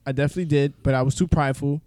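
A man tells a comic story in a strikingly high voice. He is lively and profane, and he slips into the voices of the people in his story. The sound is dry and close. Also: racing, no echo. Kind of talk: comic storytelling in casual chat.

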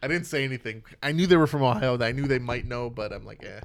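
A man's voice: mid-range voice, fast. A man in his thirties from Michigan, co-hosting a casual podcast chat, telling stories in a cynical, swearing way. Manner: cynical, swears a lot, storytelling. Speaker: podcast co-host.

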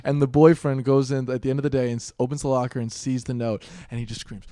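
A man's voice: medium pitch, fast, no echo, clean studio sound. A young man in casual chat, telling stories with lots of laughter and acting out voices. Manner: animated storyteller who acts out voices with loud laughs.

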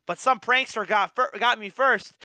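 A young man co-hosting a casual podcast, telling stories in an animated, profane way with frequent restarts. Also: very high-pitched, moderate pace, no echo. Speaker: podcast co-host. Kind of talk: casual chat.

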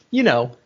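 A man co-hosting a podcast, casually recapping a movie and acting out its lines in an animated way. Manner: animated, retells scenes with quoted lines and laughs. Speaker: podcast co-host. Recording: muffled lo-fi audio.

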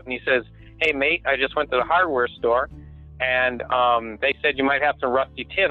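A man's voice: medium pitch, no echo. A man being interviewed about his sand sculpting and carving. He tells rambling, jokey stories and laughs often. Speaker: guest sand sculptor and carver. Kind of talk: casual storytelling interview. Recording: tinny phone line.

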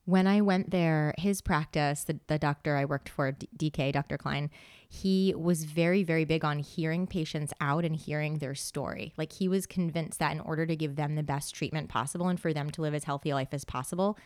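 A woman with a notably low voice chats in a relaxed conversational way, often slipping into quoted asides as she tells a story. The sound is dry and close, with no room around her. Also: brisk, no room sound. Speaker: podcast guest. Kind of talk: casual conversation.

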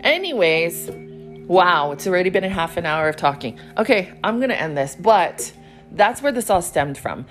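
A woman's voice: fairly low pitch, big pitch swings, normal speed, soft background music. A woman hosting her own podcast, telling a story in a blunt, profane, casual monologue from home. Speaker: podcast host.

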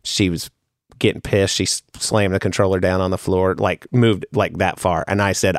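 A man's voice: on the low side, normal speed, no echo, studio quality. A man co-hosting a podcast, telling rambling, joking stories in casual chat. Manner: rambling, laughing anecdotes about his kids. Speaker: podcast co-host.

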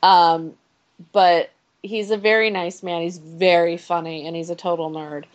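Female podcast co-host, lower register, lively anecdotal storyteller. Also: a little slow, highs cut off. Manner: animated storyteller, laughs often, acts out quotes. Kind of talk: casual chat.

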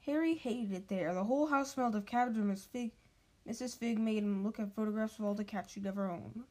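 A woman's voice: medium pitch, brisk, darkish tone. A woman reading a storybook aloud, with frequent stumbles and restarts.

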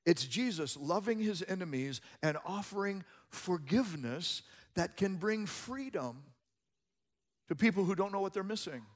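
A man preaching a sermon as a pastor, moving between hushed passages and loud, emphatic ones. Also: high-pitched, animated, unhurried, in a large hall.

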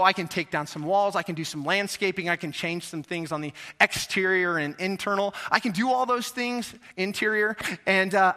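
A man preaching a sermon in a church, animated, acting out voices and asking his listeners questions. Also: high voice. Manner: animated, acts out voices, asks the audience questions. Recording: echoey hall reverb.

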